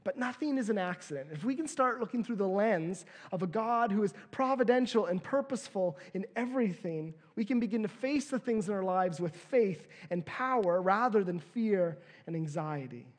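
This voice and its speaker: A man's voice: high voice, moderate pace, hardly any pauses. Playful man preaching a sermon. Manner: lively, playful, lets out small laughs. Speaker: pastor. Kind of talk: sermon with volunteers.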